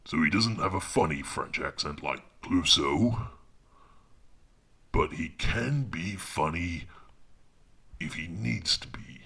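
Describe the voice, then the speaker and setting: A man in a deadpan comedy monologue, talking awkwardly and defensively as an audiobook narrator, often dropping into hushed asides. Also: deep voice, takes it slowly, gravelly, pauses often, husky.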